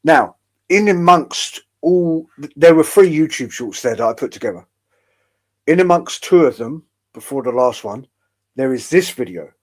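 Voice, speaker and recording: A man's voice: a little high, lively intonation, normal speed. Man, online show host, rambling and wry, swears freely. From United Kingdom. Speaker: podcast host. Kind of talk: casual chat.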